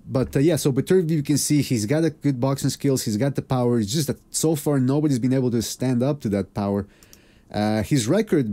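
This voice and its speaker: A man's voice: mid-range voice, warm tone. A man hosting a live podcast in casual chat, laid-back and rambling with plenty of fillers. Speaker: podcast host.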